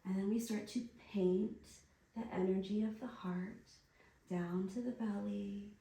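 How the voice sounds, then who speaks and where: Slow, soothing woman in an echoey room. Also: mid-range voice, vocal fry. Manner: soft, soothing, coaching encouragement. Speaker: workshop instructor. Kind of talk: guided hands-on instruction. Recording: roomy echo, distant mic, faint noise.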